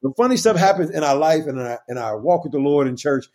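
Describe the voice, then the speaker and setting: A man co-hosting a casual chat, telling funny stories with lots of laughter and big leaps in pitch when quoting others. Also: animated, fast, a little mellow. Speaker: podcast co-host.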